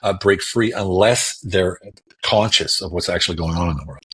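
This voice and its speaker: A man's voice: sits low, normal speed, sharp tone, breathy edge. A man talking as a podcast guest on a remote call, emphatic and repeating words for stress. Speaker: guest political commentator. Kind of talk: casual podcast talk.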